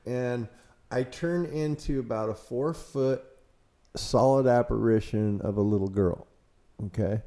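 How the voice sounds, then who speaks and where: A man's voice: medium pitch, a little slow, dark tone. A man who looks after a haunted building, telling a ghost story in an interview with lots of fillers and laughs at himself. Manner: rambling, hesitant with many fillers, laughs at himself.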